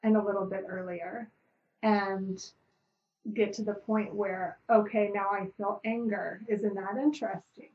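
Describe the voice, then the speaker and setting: Slow, calm-spoken middle-aged woman. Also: medium pitch, dull audio. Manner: slow, calm, searching with many pauses. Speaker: guest. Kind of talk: reflective interview talk.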